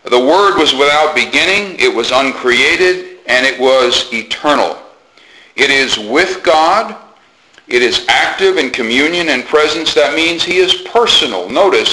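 A man preaching a sermon, teaching earnestly and deliberately, repeating phrases for emphasis with occasional fillers. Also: medium pitch, lively intonation, bright, forceful tone, poor audio.

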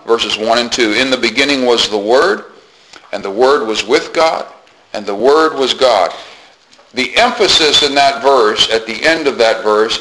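A man delivers a sermon in a bright, ringing voice at a middle pitch. He teaches earnestly and deliberately, circling back over phrases for emphasis. A faint hiss sits under the recording. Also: poor audio. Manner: earnest, measured teaching with repeated phrases and fillers. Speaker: preacher.

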